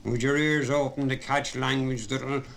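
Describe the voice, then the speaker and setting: A man's voice: medium pitch, fairly even intonation, moderate pace, creaky, fairly bright tone. Man playing a pompous, bullying constable. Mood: officious. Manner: pompous, threatening. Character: officious bullying male Irish constable.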